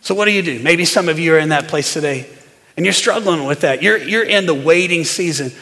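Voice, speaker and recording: High, gravelly-voiced preacher in a reverberant hall. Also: male voice, brisk. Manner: rhetorical questions to the congregation, swings between loud and quiet. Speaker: pastor. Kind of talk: sermon. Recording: long reverb of a large hall.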